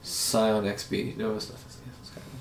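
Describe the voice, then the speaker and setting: A young man from Japan with a gravelly, fry-heavy voice, trading loose and profane banter as a podcast guest. The room rings back noticeably around him. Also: fairly low pitch, completely flat delivery, moderate pace, whispered. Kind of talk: casual podcast chat. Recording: echoey room.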